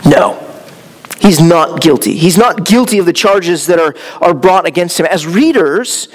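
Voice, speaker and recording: A man's voice: high-pitched, expressive, measured pace. A man preaching an expository sermon in a church, earnest and explanatory, with occasional stumbles and restarts. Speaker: pastor. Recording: long hall reverb.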